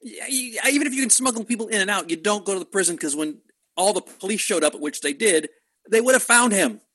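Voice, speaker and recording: A man's voice: high voice, lively intonation, quick pace, a bit bright, breathy edge. A man co-hosting a casual movie podcast, making exasperated, sarcastic complaints. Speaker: podcast co-host. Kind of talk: casual movie-review chat.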